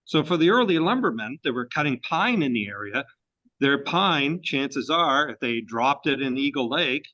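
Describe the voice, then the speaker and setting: A man's voice: medium pitch, bright, forceful tone, highs cut off. A man from Maine giving a storytelling history presentation to a club, folksy and full of fillers and restarts.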